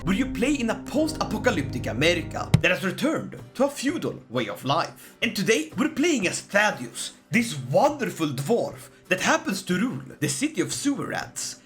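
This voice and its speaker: Gaming host, playful scripted narration, bright voice, lively pitch. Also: moderate pace, few pauses, faint music behind. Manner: playful, jokey, does silly voices. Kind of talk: scripted gameplay narration with jokes.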